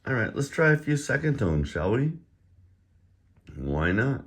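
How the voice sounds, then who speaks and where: A language teacher gives a pronunciation lesson, drilling syllables one by one in a raised voice before explaining them in a plain conversational tone. His mid-range voice swings widely in pitch, runs a little slow with long pauses, and he sounds slightly out of breath.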